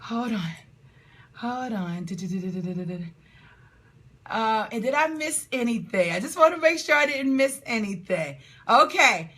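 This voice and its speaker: Bubbly high-voiced woman whooping on a live call. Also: big pitch swings, moderate pace, a bit bright. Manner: exuberant, laughs often, whoops and cheers. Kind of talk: lively live-stream chat, reading comments.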